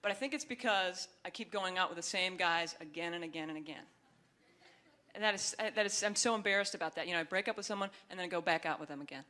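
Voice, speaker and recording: A young woman doing a stand-up comedy set, talking in a wry, chatty way and breaking into high, shrill voices for the people she acts out. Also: quick pace, sharp tone. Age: young adult. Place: comedy stage before a live audience. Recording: live club set with audience laughter.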